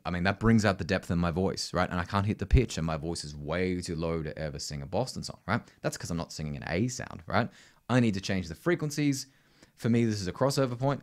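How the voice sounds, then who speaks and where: Australian man, lively low voice. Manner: conversational, constant "right?" tags, sings demonstrations. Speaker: vocal coach. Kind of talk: casual instructional talk.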